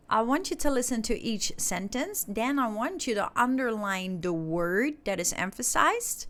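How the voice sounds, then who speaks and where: A woman from Indonesia, an English teacher explaining a lesson step by step to her class. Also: fairly high pitch. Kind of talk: recorded online lesson.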